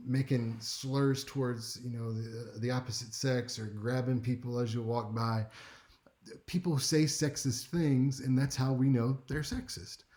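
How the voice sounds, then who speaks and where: A man teaching a speech class in a relaxed, conversational lecture, with wry asides and frequent check-ins with his listeners. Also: medium pitch. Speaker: speech instructor.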